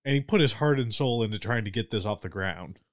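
A man's voice: lowish voice, animated, quick pace. A man co-hosting a casual podcast, often hesitating and searching for words. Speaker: podcast co-host.

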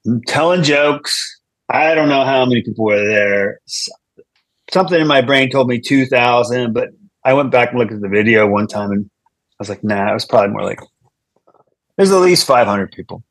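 A man's voice: mid-range voice, expressive, normal speed, dry recording. A man, a comedian guest, telling a long story in casual chat, rambling with restarts and asides.

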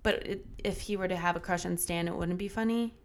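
A woman's voice: lowish voice, fairly even intonation, a little fast, a little hiss or hum. A young woman co-hosting a podcast, chatting casually and explaining things with many "like"s. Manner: chatty, heavy use of "like". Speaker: podcast co-host. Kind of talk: casual chat.

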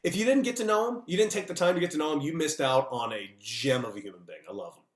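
A man, a former baseball player, telling lively stories as a podcast guest over a remote call. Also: fairly high pitch, fast talker, echoey room. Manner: animated, lively storyteller with big outbursts. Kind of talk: casual storytelling.

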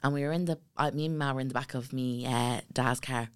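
A woman's voice: a bass voice, fairly quick, clear, resonant tone, no room sound. A young woman with a Dublin accent, co-hosting a podcast and telling a story in casual, laughing chat. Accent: Irish, Dublin. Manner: animated, laughing, swearing, slangy. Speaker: podcast co-host.

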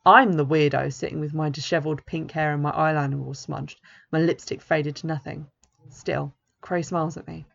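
Low gravelly woman reading a novel. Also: fairly even intonation, moderate pace. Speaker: author reading her own novel. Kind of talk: first-person novel reading. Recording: dull lo-fi recording.

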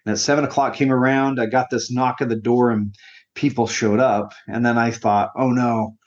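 A man's voice: mid-range voice, level tone, a little fast. Earnest man telling his story, lo-fi. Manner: earnest and heartfelt, sometimes emotional. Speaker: interview guest, grief counselor. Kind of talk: personal storytelling in an interview.

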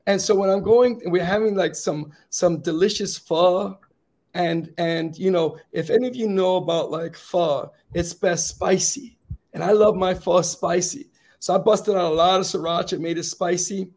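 A man with a fairly high, gravelly voice tells his own story as an interview guest. He speaks earnestly, dropping quiet and grave in the hard moments and rising to rousing encouragement. A slight rasp runs through his voice. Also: steady tone, normal speed. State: slightly raspy. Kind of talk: telling a personal story.

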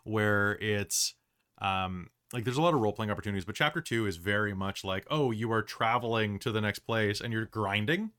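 A man's voice: on the low side, moderate pace, fairly bright tone, smooth. Rambling man game master chatting. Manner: rambling, many fillers and restarts. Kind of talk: casual podcast chat.

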